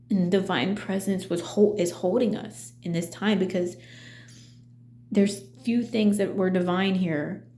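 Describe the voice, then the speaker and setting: Middle-aged woman vlogger, hesitant and full of fillers; warm dark tone, roomy recording. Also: medium pitch. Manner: halting, full of fillers and restarts. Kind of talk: casual personal vlog.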